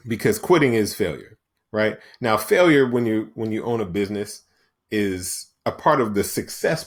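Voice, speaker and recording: A man hosting a motivational podcast, talking in an emphatic monologue and often tagging his points with "right?". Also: lowish voice. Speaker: podcast host.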